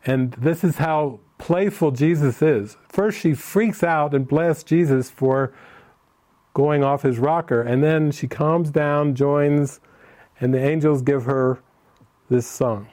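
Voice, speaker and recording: Older man telling a retreat story, mellow. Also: fairly high pitch, slow. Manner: storytelling, answers questions read aloud. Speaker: spiritual teacher. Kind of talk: retreat talk.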